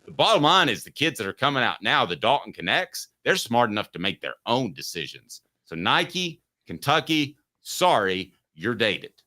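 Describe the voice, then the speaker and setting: A man hosts a sports talk show, making his case with opinionated, emphatic rhetorical questions. His voice is bright and forceful, and his pitch moves a lot as he presses each point. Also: very animated, normal speed, hardly any pauses.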